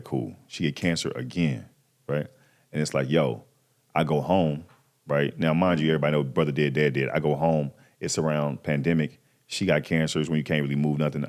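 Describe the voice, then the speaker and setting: A man in his thirties, a podcast guest, casually telling a personal story with lots of slang and acted-out quotes. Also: very deep voice. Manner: animated, acts out quoted voices, slangy.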